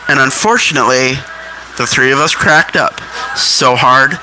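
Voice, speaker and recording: A man telling crude, mocking comic stories in an animated way. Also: mid-range voice, a little slow, background noise. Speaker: storyteller. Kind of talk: comic storytelling.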